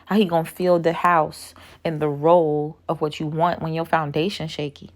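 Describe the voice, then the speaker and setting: A woman's voice: low voice, flat delivery, normal speed. A woman in her thirties giving casual reaction commentary as a vlogger, blunt, profane and lecturing. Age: 30s.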